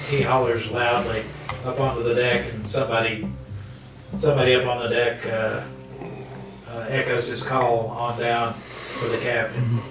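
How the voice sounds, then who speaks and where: A man's voice: medium pitch, little pitch movement, moderate pace, long pauses. Game master man in an echoey room. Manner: rambling, many fillers. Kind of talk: narrating a tabletop game. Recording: echoey room, distant mic, music behind.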